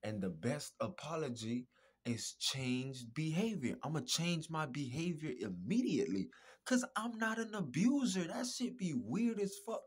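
A man talking in a casual podcast monologue, emphatic, repetitive and profane, with a husky voice. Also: on the high side, very animated, measured pace. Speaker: podcast host.

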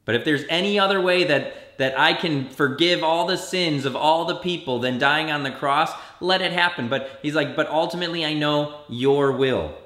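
A man as a children's pastor, telling a story to kids in an animated way and acting out the quotes with big jumps in pitch. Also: moderate pace, hardly any pauses, reverberant. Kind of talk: kids' church sermon.

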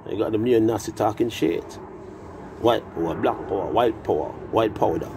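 A man's voice: fairly low pitch, normal speed, noisy background. A Jamaican man in his sixties, telling rambling, profane, boastful stories in a casual live-stream chat. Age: 60s.

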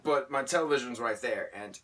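A man's voice: mid-range voice, a little fast, a bit bright, distant mic. A man in his late twenties talking casually in a vlog, emotional and rambling, often restarting his sentences. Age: late 20s. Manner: emotional, rambling, self-correcting. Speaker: vlogger.

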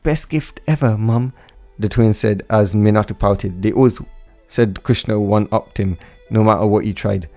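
Guy reading a fan story out loud, low mellow voice, stumbles and restarts a lot, faint music behind. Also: little pitch movement, moderate pace. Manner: unpolished reading with slips and restarts. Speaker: narrator. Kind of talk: amateur fan fiction reading.

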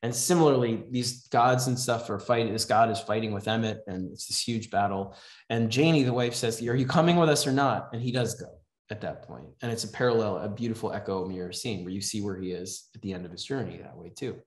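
A man's voice: lowish voice, brisk. A man teaching a writing class in a casual, conversational way, often checking in with "right?". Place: class in a house. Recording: echoey room.

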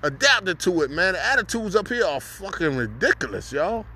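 A man talks straight to camera while out on a city street, easygoing and full of slang, laughing as he goes. His voice sits a little high and rings bright and forceful. Faint traffic noise hums underneath. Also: sing-song, moderate pace. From North Carolina. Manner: laid-back slangy street talk, laughs often. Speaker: vlogger. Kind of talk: casual vlog talk to camera.

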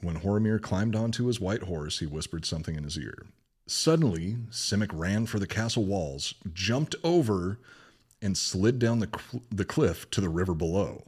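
A man's voice: low-pitched, expressive, normal speed, darkish tone, husky. A man co-hosting a podcast, reading a legend aloud in a casual way and breaking off to joke and swear. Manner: retells a legend, joking and swearing between passages. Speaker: podcast co-host.

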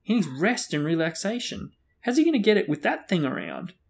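A man's voice: high voice, big pitch swings, fairly quick, vocal fry, voice pushed up, full character voice. A man voicing a grumbling, sarcastic teenage wizard boy in a storybook reading.

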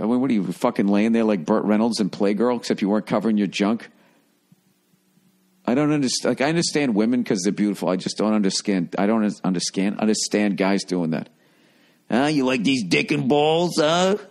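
A man's voice: fairly low pitch, darkish tone. A man hosting a comedy podcast who reads listener letters aloud and gives blunt advice with profane, rambling, sarcastic asides. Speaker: podcast host.

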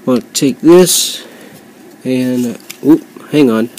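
A man casually reviewing a toy he customized at home, rambling with many fillers and quick apologies, sometimes drifting off the mic as he handles it. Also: mid-range voice, darkish tone, slight background noise, low-quality recording.

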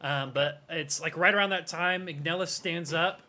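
Bright-voiced male game master. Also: fairly high pitch, normal speed. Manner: loose, rambling narration with hedges. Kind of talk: narrating a tabletop game.

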